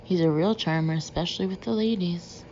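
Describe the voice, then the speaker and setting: A woman narrator voicing a gruff, bitter, middle-aged male detective who talks bluntly and sarcastically. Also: lowish voice, fairly quick, mellow, highs cut off, a little hiss or hum, lightly acted.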